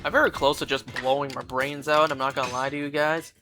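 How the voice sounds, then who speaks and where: A woman's voice: rumbling low, fairly even intonation, fast talker, a bit bright, soft background music. A woman streaming a game and chatting casually, venting in an exasperated way and swearing freely. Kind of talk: casual chat while gaming.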